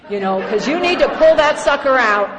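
A middle-aged woman giving a personal testimony at a recovery meeting. She tells it in an animated, humorous way and acts out other voices. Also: high-pitched, normal speed, a crowd in the background. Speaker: speaker sharing her story at a recovery meeting. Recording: echoey hall with faint background noise.

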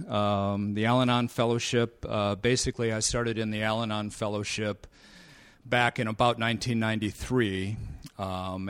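Man, 50s, convention talk; low voice, hesitant, bone-dry wit. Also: dry recording. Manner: halting, frequent fillers, dry sarcastic humor. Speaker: speaker sharing recovery story. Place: convention meeting room.

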